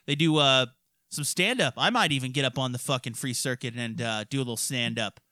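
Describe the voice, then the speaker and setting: A man hosting a casual podcast from his studio, ranting and swearing constantly with loud outbursts. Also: mid-range voice, brisk, dry recording. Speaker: podcast host. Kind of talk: profane ranting podcast chat.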